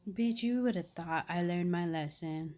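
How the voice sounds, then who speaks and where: A woman's voice: on the low side, a little slow, a little mellow. A young woman vlogger telling a story in casual, slangy talk full of fillers. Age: young adult.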